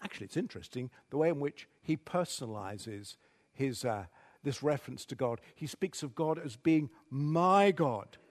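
A man's voice: mid-range voice, animated, normal speed. A man preaching a sermon, reading scripture aloud with dramatic intensity.

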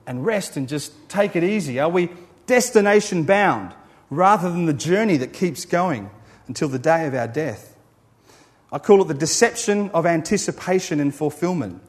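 A man preaching a sermon, building emphatic lists and then dropping to a quiet, low close. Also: expressive, normal speed. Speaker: pastor.

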